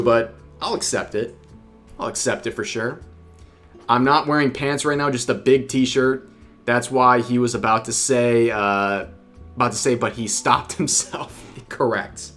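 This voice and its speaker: A man's voice: mid-range voice, fairly bright tone. A young man in casual livestream chat, reading viewer donation messages aloud, often repeating his phrases. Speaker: streamer reading super chats.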